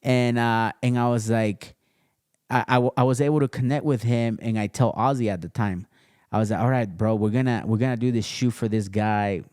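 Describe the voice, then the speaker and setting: A man guest on a casual podcast, telling his story in a relaxed way with many fillers and restarts, recorded at his home studio. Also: medium pitch, brisk, smooth, no room sound. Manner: laid-back, storytelling with lots of fillers and restarts. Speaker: podcast guest, custom sneaker entrepreneur.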